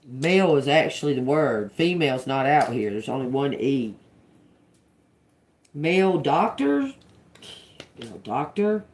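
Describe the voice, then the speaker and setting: A woman doing a live-stream tarot reading, musing slowly and repeating words as she reads them out, casual and given to swearing and laughing with viewers. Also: extremely low pitch, big pitch swings, darkish tone. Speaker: tarot reader.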